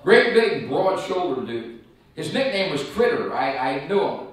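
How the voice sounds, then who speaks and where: Male evangelist, folksy animated storyteller, high voice, heard from a distance in a very echoey church. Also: measured pace. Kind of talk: sermon testimony storytelling. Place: church sanctuary.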